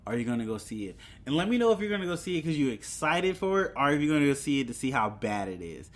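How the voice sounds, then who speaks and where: A man's voice: mid-range voice, sing-song, fast. A young man hosting a solo podcast, chatting casually about movie news with fillers and chuckles. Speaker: podcast host.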